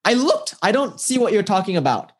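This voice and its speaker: A storyteller putting on a group of distraught travelers in a parable, their voices pitched high and frantic. They sound whiny, panicked and close to tears, and they fire off anxious questions. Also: very animated, brisk, slightly rough.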